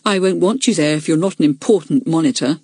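A woman's voice: low-pitched, fast, a little mellow, breathy edge, no echo, studio quality. A woman narrator voicing a schoolboy who makes clumsy, heavy-handed jokes, in an audiobook. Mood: blunt. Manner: heavy, blunt.

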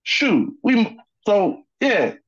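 Man doing a middle-aged male sports coach, scratchy tough coaching voice, high-pitched, eager. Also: sing-song, very slow, fairly bright tone, husky, highs cut off, heavily acted. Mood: excited.

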